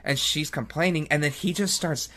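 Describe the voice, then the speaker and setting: Bright-voiced woman in casual, swearing film chat. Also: deep voice, normal speed. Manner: swears freely, acts out characters' quotes.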